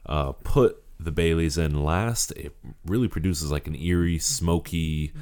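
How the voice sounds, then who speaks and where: A man with a very low voice co-hosts a casual movie podcast. He speaks in slow, hesitant phrases. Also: a little mellow, smooth. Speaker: podcast co-host.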